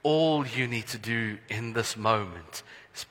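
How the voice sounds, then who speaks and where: A man pastor preaching a sermon in an earnest, prayerful way, letting his phrases trail off softly. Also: on the low side, a little slow. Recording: long hall reverb.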